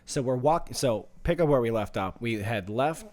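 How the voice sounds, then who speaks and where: A man's voice: medium pitch, expressive, normal speed, darkish tone. A young man casually telling a rambling, profane story on a podcast, laughing as he goes. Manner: rambling, profane, laughs through his stories. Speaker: podcast co-host.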